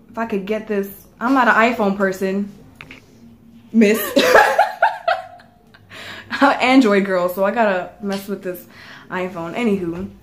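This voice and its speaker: A woman's voice: medium pitch, a bit bright. A young woman vlogging in casual chat, talking bluntly and swearing freely as she rants. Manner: blunt, profane, ranting.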